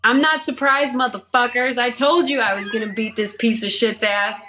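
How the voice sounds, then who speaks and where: A woman's voice: a little high, steady tone, moderate pace, pushed and bright, soft background music. A woman playing a brash, trash-talking male fighter cutting a profane post-fight promo. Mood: defiant. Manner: profane, defiant, swaggering. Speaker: show regular doing an improv promo.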